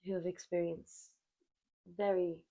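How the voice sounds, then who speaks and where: A woman's voice: lowish voice, level tone, unhurried, dark tone. A woman from Australia with an Australian accent, a tattoo artist talking thoughtfully and openly about her feelings as a podcast guest. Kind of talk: casual podcast chat.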